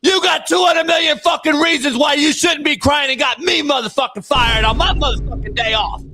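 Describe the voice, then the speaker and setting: A man putting on a fired football coach who screams a profane, crying rant in a high strained voice. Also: quick pace, sharp tone, faint music behind. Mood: screaming rant. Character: ranting fired male football coach, sobbing and furious.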